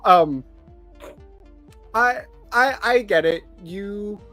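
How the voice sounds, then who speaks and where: A man's voice: sits high, expressive, drawn-out words, pushed and bright, soft background music. A man co-hosting a podcast in casual chat, enthusiastic and emphatic. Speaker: podcast co-host.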